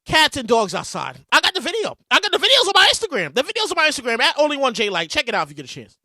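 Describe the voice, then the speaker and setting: A woman in her thirties hosting a solo podcast, telling stories in a casual, profane, animated way and acting out quotes loudly. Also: sits high, racing, no echo, studio quality. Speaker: podcast host.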